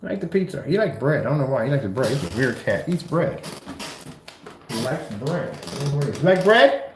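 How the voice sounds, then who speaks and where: A man's voice: mid-range voice, big pitch swings, fairly quick. A man explaining screen painting in a casual how-to vlog at home. He talks in a rambling, chatty way and often corrects himself. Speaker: maker of projection screen paint. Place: indoors at home. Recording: roomy echo, faint noise.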